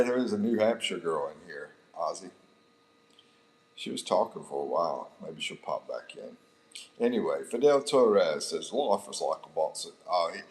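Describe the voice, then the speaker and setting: A man's voice: lowish voice, rough recording. An American man hosting a casual livestream. He reads out viewer comments and jokes around, laughing often and calling people bro. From United States. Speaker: livestream host. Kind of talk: casual live chat reading viewer comments.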